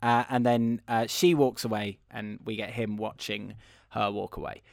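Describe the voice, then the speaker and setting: A man's voice: on the low side, level tone, moderate pace, vocal fry, dry recording. A man hosting a casual podcast, chatting animatedly about a film plot with self-deprecating asides. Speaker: podcast host and editor. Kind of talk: casual film review chat.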